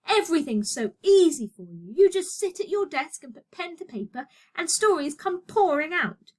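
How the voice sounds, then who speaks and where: A woman's voice: very high-pitched, very animated, normal speed, voice pushed up. A woman voicing a bitter, despairing young male clockmaker's apprentice in a storybook read-aloud, speaking with anguish.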